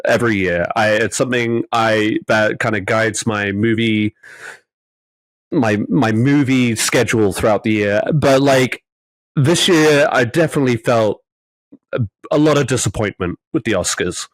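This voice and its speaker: A man's voice: medium pitch, unhurried, no room sound, rough recording. A man co-hosting a podcast in casual chat, teasing his friends and laughing often. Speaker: podcast co-host.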